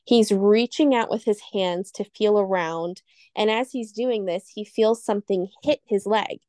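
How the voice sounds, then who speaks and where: A woman's voice: medium pitch, darkish tone, no echo, clean studio sound. Chatty woman telling a spooky story. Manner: rambling, loses her train of thought, quick asides. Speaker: podcast co-host, storyteller. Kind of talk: casual chat, telling a scary story.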